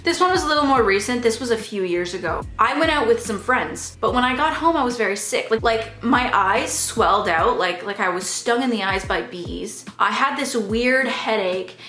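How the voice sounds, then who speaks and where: A chatty young woman tells a rambling story in a slightly high voice, jumping into other people's voices as she goes. Her voice rings in an echoey room, with soft music playing faintly behind her. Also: normal speed, hardly any pauses. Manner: animated, chatty, acts out quoted voices. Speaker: vlogger. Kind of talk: casual storytime monologue.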